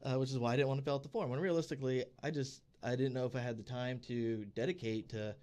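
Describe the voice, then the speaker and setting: A man co-hosting a podcast, telling stories in a casual, animated way and acting out the people he quotes. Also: mid-range voice, fast. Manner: animated storyteller who acts out quoted people. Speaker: podcast co-host. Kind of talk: casual chat, storytelling. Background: podcast studio.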